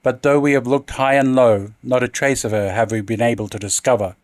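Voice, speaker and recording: A man's voice: medium pitch, fairly even intonation, fairly quick, dry recording, natural voice. A man voicing an older army general who speaks with anguish and fury. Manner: emotional, anguished, then furious. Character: stern grieving army general, older man, hot-tempered.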